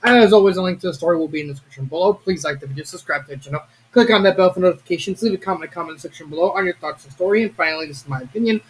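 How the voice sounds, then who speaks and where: A young man giving a casual, rambling video review of a fan story, excitable and prone to restarts. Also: high voice, racing, few pauses, a little hiss or hum. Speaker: fanfiction reviewer.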